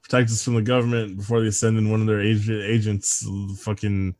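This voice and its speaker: With a lowish voice, little pitch movement and a fairly quick delivery, a man in his 30s co-hosts a casual podcast. He's sardonic, trades in dark humor and laughs often.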